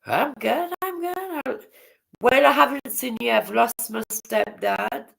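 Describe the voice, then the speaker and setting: Livestreamer, woman from the of England: slow, gravelly, blunt and sweary as she chats with her viewers. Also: a little high, expressive, a bit bright, rough recording. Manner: blunt, swears freely, talks to chat by name. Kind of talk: casual live-stream chat with viewers.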